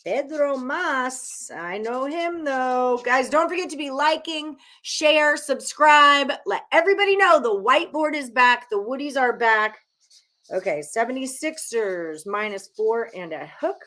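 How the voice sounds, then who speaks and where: A woman's voice: high-pitched, animated, a little slow, bright, forceful tone. A woman hosting a sports betting live stream, chatting casually and a bit profanely as she reads viewers' picks while writing them on a whiteboard. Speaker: sports betting show host.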